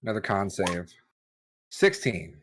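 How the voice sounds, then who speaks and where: A man's voice: sits low, sing-song, measured pace, a bit bright. A man playing a tabletop game, casual and joking. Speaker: player.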